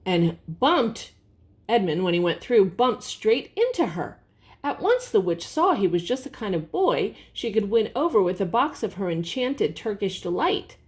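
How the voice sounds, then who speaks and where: An older woman reading a picture book aloud to her grandchildren, gently explaining words and pointing out the pictures. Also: medium pitch, sing-song, measured pace. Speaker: storybook reader.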